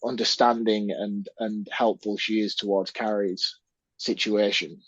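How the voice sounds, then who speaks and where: A man's voice: lowish voice, unhurried, husky, no echo. Blunt male podcaster, dull dry sound. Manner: blunt, animated rants then apologises. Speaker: podcast co-host. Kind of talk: casual film review chat.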